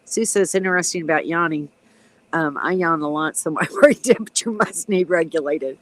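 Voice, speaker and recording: A woman's voice: sits low, moderate pace, dry recording, poor audio. Retired woman chatting with a stuffy nose. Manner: chatty, reads out comments, frequent ums and chuckles. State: stuffy runny nose, coughing and clearing throat. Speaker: retired nurse hosting a live stream. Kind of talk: casual live-stream chat with viewers. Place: outdoors in her backyard.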